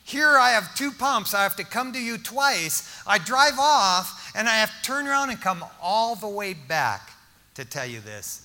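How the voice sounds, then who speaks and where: An older man preaches with a high, very bright, piercing voice, joking his way through a story and acting out the dialogue. His words ring out with a long reverb from a big church hall. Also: unhurried. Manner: animated, joking, with restarts and acted-out dialogue. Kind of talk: storytelling sermon testimony.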